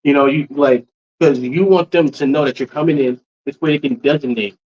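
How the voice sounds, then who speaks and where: A man's voice: mid-range voice, fairly quick, darkish tone. A man, a regular at the cigar shop, chatting casually on a podcast and rambling with constant "you know" fillers. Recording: dull lo-fi podcast audio.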